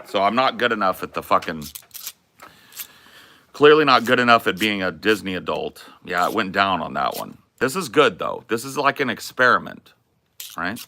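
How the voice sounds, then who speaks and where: A male streamer chats casually with his viewers in a crude, joking way and swears freely. His voice is bright and a bit sharp, and his pitch jumps around a lot as he talks. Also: big pitch swings, normal speed, vocal fry. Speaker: live streamer. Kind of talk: casual live-stream chatter.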